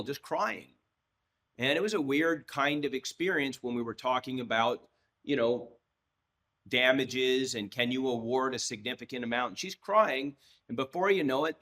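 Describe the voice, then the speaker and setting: Man in his sixties telling a courtroom story. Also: medium pitch. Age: 60s. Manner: lively storyteller who acts out quoted dialogue, with frequent restarts. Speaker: trial lawyer, podcast guest. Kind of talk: anecdotal storytelling in a podcast interview.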